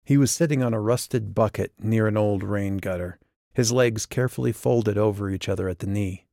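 A man giving measured, scripted audiobook narration. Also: fairly low pitch, creaky, mellow, dry recording, clean studio sound.

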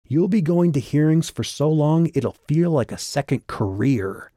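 Audiobook: a defiant young bounty hunter voiced by a man, raised pitch, biting and sarcastic, dry close sound. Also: lively intonation, measured pace, warm tone, dry recording.

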